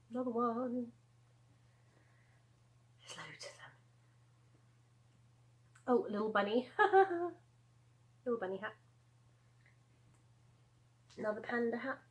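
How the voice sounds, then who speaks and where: A woman's voice: mid-range voice, big pitch swings, unhurried, pauses often, low-quality recording. A woman in her thirties chatting casually at home as she shows off her handmade crochet pieces, rambling with asides and laughs. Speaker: crochet vlogger. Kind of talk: casual show-and-tell chat.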